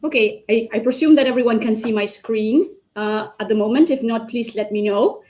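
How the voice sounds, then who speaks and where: A woman's voice: a little high, dark tone. Woman arguing formally before a tribunal. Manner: formal and measured, addresses the tribunal directly. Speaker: counsel arguing against the motion. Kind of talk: formal argument in a mock hearing. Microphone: video call.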